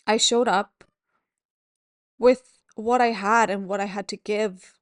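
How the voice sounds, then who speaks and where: A woman hosting a podcast as a yoga teacher, talking in a gentle, candid and reassuring way at home. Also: mid-range voice, fairly even intonation, slow, no room sound, studio quality. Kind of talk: reflective solo podcast talk. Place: at home at a table.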